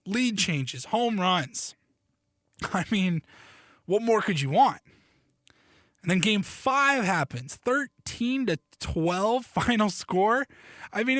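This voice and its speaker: A man hosting a casual solo sports podcast, animated and joking, with loose, profane talk that often restarts mid-sentence. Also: sits high, no echo, clean studio sound. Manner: self-interrupting, restarts sentences. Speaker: podcast host.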